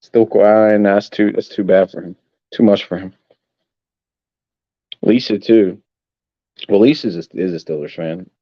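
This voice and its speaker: A sports fan hosting a livestream rambles and swears at his chat in a lowish voice, coughing now and then, at normal speed with frequent pauses. The sound is dull and fully dry, as if from a cheap home mic close up, with no room sound.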